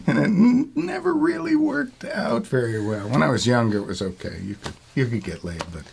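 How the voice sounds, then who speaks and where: A man's voice: medium pitch, big pitch swings, moderate pace, creaky, darkish tone, breathy edge. A middle-aged man, a longtime retail worker, telling casual stories in a rambling, profane way and laughing as he goes. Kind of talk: casual storytelling.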